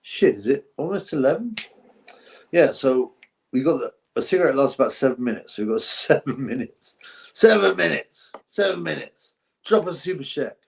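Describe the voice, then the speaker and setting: A man's voice: mid-range voice, lively intonation, moderate pace, darkish tone, slight background noise. A man hosting a casual boxing livestream, rambling and thinking aloud, thanking viewers for donations.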